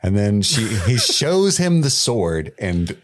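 A man's voice: fairly low pitch, big pitch swings, takes it slowly, dry recording, clean studio sound. A man co-hosting a podcast, chatting casually through an episode recap, laughing often and mimicking characters' lines. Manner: laughs often, acts out lines in mocking voices. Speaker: podcast co-host.

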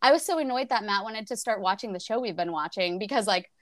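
A woman's voice: medium pitch, animated, fast, fairly bright tone, no echo, studio quality. A woman co-hosting a podcast, chatting casually about a book, swearing and laughing often. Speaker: podcast co-host.

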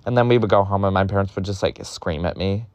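A young man from Ohio talks straight into the mic in a low voice, recorded dry and close. He is blunt, profane and openly exasperated, tossing off quick sardonic asides as he hosts his solo podcast. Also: a little mellow, no room sound. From Ohio, USA. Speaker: podcast host. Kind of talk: candid solo podcast monologue.

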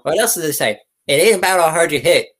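Lively interview host. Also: medium pitch, fast talker, husky. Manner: affirms with frequent mm-hmms. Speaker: podcast host. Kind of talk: casual interview chat.

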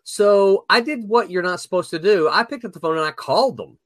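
A man's voice: high voice, a little fast, fairly bright tone, no echo. A man hosting a casual chat, telling stories animatedly and laughing often.

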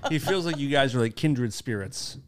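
Lively teasing male podcast host. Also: medium pitch, normal speed, background noise. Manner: teasing, profane banter. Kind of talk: casual chat.

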